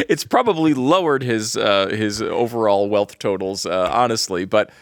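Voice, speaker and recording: A man's voice: fairly low pitch, lively intonation, moderate pace, smooth, no room sound, clean studio sound. A man hosting a podcast in casual comedic chat, laughing often and restarting his sentences. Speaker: podcast host.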